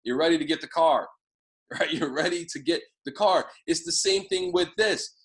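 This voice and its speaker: A man leading a team sales training, talking excitedly and casually, swearing now and then as he fires up his audience. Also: fairly high pitch, normal speed, rough recording. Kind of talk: motivational training talk.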